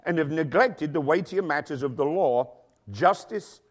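A man's voice: fairly high pitch, lively intonation, moderate pace. A middle-aged man preaching a sermon to his church, emphatic and full of rhetorical questions. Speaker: pastor. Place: church with congregation and children.

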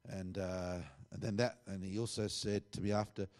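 A man's voice: low voice, level tone, moderate pace, darkish tone. A middle-aged man, a pastor, earnestly telling a testimony and acting out the dialogue he quotes.

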